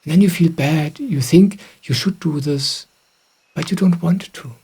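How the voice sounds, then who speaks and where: A middle-aged man, a spiritual teacher, calmly answering questions in a gentle, reflective way. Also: a little high, measured pace, breathy edge. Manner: gentle, reflective, soft-spoken. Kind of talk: calm satsang answering questions.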